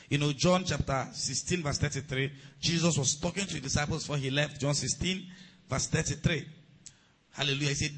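A high, bright-voiced man delivers a sermon. His voice is very husky and rough, and he leads call-and-response with his congregation, building to shouted exhortations. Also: rough recording. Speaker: pastor.

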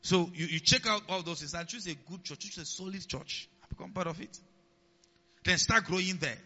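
Male pastor, fairly high, very sharp-toned voice; preaches with repeated call-outs to the congregation. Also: normal speed. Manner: keeps checking in with the congregation, repeats key lines; swings between loud emphasis and quiet asides. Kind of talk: sermon. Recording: long hall reverb, dull lo-fi sound.

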